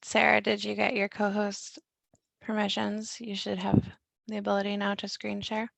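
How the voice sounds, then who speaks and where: Woman with a strong vocal fry. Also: medium pitch, completely flat delivery, moderate pace, a bit bright, no room sound. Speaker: meeting co-host. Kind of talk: casual video-call chat. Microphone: video call.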